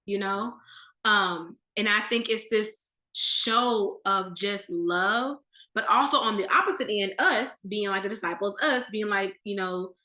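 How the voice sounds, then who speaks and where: A woman leading a casual, animated Bible study. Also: medium pitch, unhurried, reverberant. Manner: animated, conversational, with slang.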